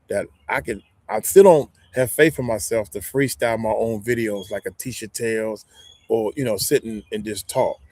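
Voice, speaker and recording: Hosting a casual live stream, this YouTube growth coach offers folksy, rambling advice full of side tangents. His voice is on the low side and animated, with no echo.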